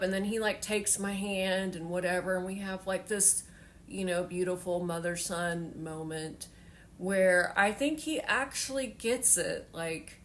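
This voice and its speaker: A woman's voice: lowish voice, unhurried, fairly bright tone, slight background noise. A woman in her forties telling a personal story in a heartfelt, rambling way with many fillers, tearful at times. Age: 40s. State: tearful, emotional.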